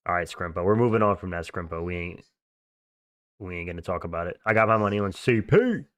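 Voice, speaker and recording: A young man hosts a casual livestream, answering viewer comments in offhand, slangy talk. His voice sits low. The sound is close and dry. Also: animated, fairly quick, fairly bright tone, dry recording. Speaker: livestream host.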